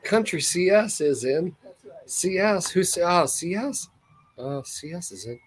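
A man hosting a podcast in casual chat, laughing often, swearing freely and getting excitable. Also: sits high, measured pace, slight background noise. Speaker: podcast host.

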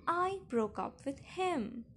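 Brief: woman narrator doing a distraught teen girl shouting through tears, audiobook. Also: high voice, expressive, very slow, slight background noise, pitched above the performer's own voice, full character voice. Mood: shouting tearful. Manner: yelling and shrieking through tears. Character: anguished teenage girl, desperate, tearful.

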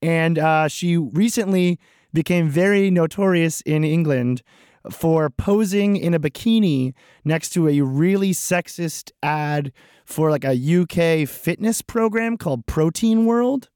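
A man's voice: a little high, unhurried, darkish tone, clear, resonant tone, no room sound, studio quality. A man co-hosting a podcast, telling stories about himself in a wry, self-mocking way. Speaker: podcast co-host. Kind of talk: casual podcast chat.

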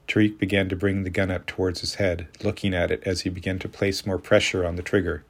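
A man reads a story aloud in a calm, even manner. His voice is deep and low. The narration is measured, in a steady audiobook style.

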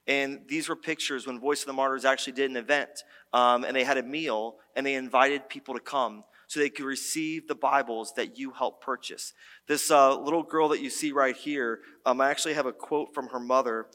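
A man preaches to his church in a loose, conversational way, stumbling and restarting as he tells stories. His voice sits at an ordinary mid pitch. The sanctuary leaves a long reverb tail on every phrase. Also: a little fast. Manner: conversational, animated storytelling with many restarts. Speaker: pastor. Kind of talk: sermon.

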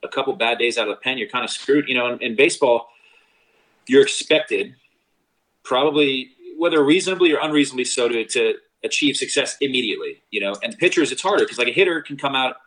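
This young man, once a catcher on a college baseball team, talks fast in a poor-quality recording while chatting casually. His stories come alive as he voices the quotes with sharp pitch swings.

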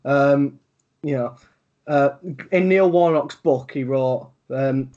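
A man with a Yorkshire accent co-hosts a laid-back football podcast, rambling with plenty of fillers and swearing freely. His medium-pitched voice is warm and slow, and the audio is lo-fi.

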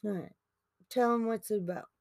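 Woman co-host, gravelly and drowsy, dry teasing delivery, close dry sound. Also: a little fast, darkish tone, dry recording. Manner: dry, teasing, low-key. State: sleepy. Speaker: podcast co-host. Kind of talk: casual podcast banter.

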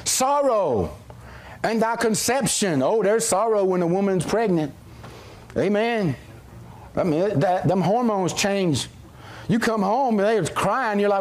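A middle-aged man preaches in a high, lively voice that swings widely up and down. He reads scripture, jokes with the congregation, and calls out for amens in a folksy way. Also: measured pace. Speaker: pastor. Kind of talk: sermon with scripture reading and prayer.

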